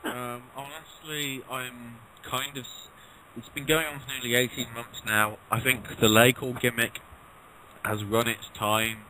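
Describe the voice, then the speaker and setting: A man's voice: mid-range voice, flat delivery, a little slow, bright, forceful tone, a little hiss or hum, rough recording. A man giving his opinions as a panelist on a talk show, hesitant and trailing off mid-thought. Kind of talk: casual chat.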